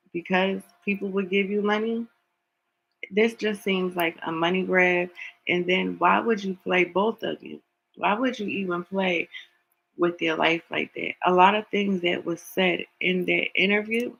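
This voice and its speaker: Gravelly, emphatic tarot reader. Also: mid-range voice, bright, forceful tone, lo-fi sound. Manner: emphatic, repeats words for stress; asks pointed rhetorical questions. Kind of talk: opinionated commentary vlog.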